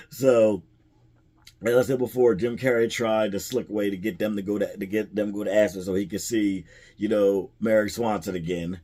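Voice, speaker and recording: A man's voice: on the low side, level tone, moderate pace, warm tone. A man casually retelling a movie's plot in a rambling way, chuckling at the jokes as a film reviewer.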